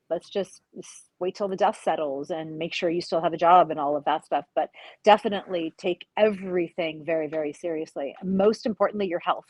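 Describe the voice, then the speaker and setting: Lower-voiced female co-host, confident advice-giver, dry close mic. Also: a little mellow, no room sound, poor audio. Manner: advising, emphatic and direct. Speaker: podcast co-host. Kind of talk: casual chat.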